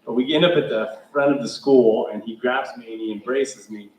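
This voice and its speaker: A man's voice: mid-range voice, steady tone, moderate pace, a little hiss or hum. A man giving a rambling, self-mocking hall of fame speech, full of fillers. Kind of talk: storytelling acceptance speech. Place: school gym or hall. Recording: echoey hall, heard from a distance.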